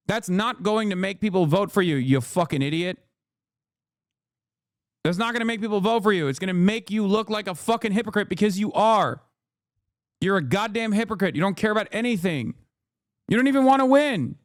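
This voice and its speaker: An American man in his thirties rants heatedly as a political streamer, swearing often and repeating his points. His voice sits high. The sound is dry and close. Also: animated, moderate pace, dry recording. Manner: heated, profane, repetitive ranting. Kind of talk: ranting commentary.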